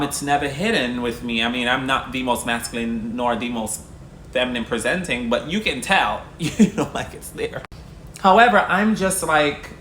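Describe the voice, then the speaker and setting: A man's voice: medium pitch, pushed and bright, slight background noise. A man, a single father, earnestly telling a personal story to the camera, with many "like" fillers. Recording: echoey room with faint ambience.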